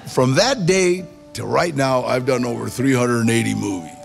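A man telling his life story in a lively, conversational way, acting out the quotes from the people in it. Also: mid-range voice, normal speed, over music. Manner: gravelly, animated storytelling with acted quotes. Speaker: storyteller guest. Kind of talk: personal storytelling.

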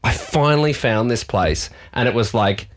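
A man's voice: medium pitch, animated, moderate pace. An Australian man co-hosting a radio show, telling a self-deprecating story and acting out the dialogue. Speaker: radio co-host. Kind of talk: casual chat, storytelling.

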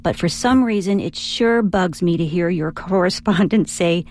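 A woman's voice: lowish voice, normal speed, darkish tone. A woman from Virginia, a radio news anchor, reading listener questions on the air.

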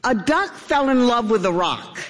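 An older woman reading a children's story aloud in an expressive storybook style. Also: on the high side, a little slow, big-room sound, background noise.

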